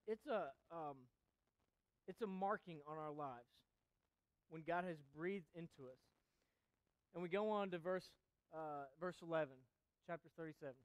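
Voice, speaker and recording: A man's voice: sits high, no echo, poor audio. A man preaching a sermon, telling a personal story in a casual way with many fillers, then reading scripture with emphasis. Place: church chapel.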